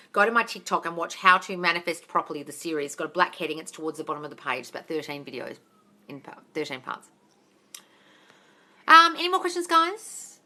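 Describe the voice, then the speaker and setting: A woman's voice: on the low side, pushed and bright. A woman answering viewer questions on a phone livestream about manifesting. She is blunt, swears often and calls her viewers darling.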